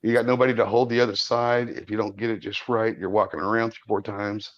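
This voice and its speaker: A man's voice: lowish voice, level tone. Laid-back man in his forties, lo-fi. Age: 40s. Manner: laid-back, rambling, quick to laugh. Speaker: live stream co-host. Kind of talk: casual chat.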